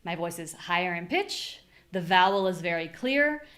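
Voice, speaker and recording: An American woman teaching a live online pronunciation class, modeling words with clear, exaggerated stress. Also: lowish voice, expressive, moderate pace, a bit bright.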